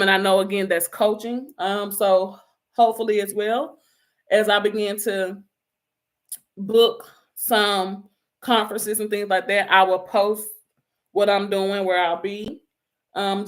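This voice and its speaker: A middle-aged woman life coach giving an emphatic motivational talk, repeating her calls to action and sometimes laughing at herself. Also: medium pitch. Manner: emphatic, repetitive exhortations, slips into laughter and self-teasing.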